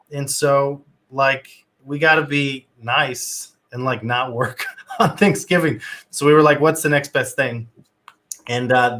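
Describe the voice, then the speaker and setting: A man's voice: medium pitch, pushed and bright. A man hosting a live stream, upbeat and casual, with lots of fillers as he greets viewers by name. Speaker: host. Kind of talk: livestream welcome, casual chat.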